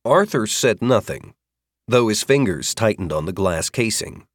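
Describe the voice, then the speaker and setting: A man narrating an audiobook fantasy chapter with expressive, varied storytelling. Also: fairly low pitch, a little slow, dry recording, clean studio sound. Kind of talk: scripted narration.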